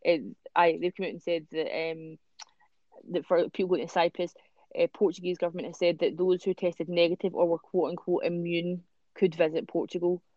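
A man's voice: fairly high pitch, little pitch movement, normal speed, dry recording, muffled recording. A Scottish man co-hosting a casual podcast, reading news stories aloud and ranting with swearing. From Scotland. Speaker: podcast co-host.

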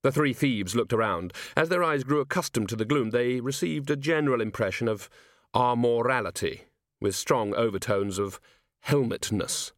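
A man reading a comic novel as an audiobook in wry, expressive storytelling narration. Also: medium pitch, normal speed, no echo, studio quality.

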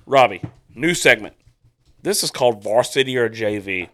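A man hosting a casual podcast chat, loud, brash, joking and swearing freely. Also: medium pitch, lively intonation, moderate pace. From Southwest Louisiana. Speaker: podcast host.

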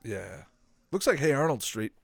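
A man giving casual live commentary as he watches a video, excitable and thinking aloud, often asking his viewers questions. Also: mid-range voice, moderate pace, gravelly, breathy edge, no room sound. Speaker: reaction video host.

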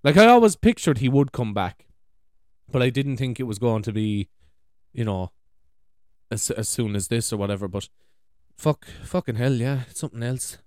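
A man's voice: mid-range voice, lively intonation, moderate pace, a little mellow, dry recording, clean studio sound. An Irish man hosting a show, chatting casually in a rambling, sweary way and laughing easily. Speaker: podcast host. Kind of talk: casual chat.

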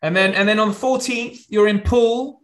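A man's voice: sits high, steady tone, a little fast, a bit bright. A man hosting a podcast interview over a video call, polite and a little hesitant. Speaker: podcast host.

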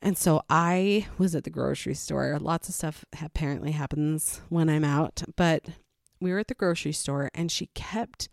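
A woman telling a frank, confessional parenting story about her young daughter, talking in quick bursts. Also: deep voice, creaky, dry recording, studio quality. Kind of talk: candid personal storytelling.

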